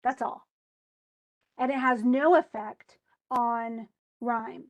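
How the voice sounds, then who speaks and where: A woman's voice: a little high, fairly even intonation, slow. A woman teacher giving a loose, chatty lecture on poetry, full of restarts and asides. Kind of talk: recorded class lecture.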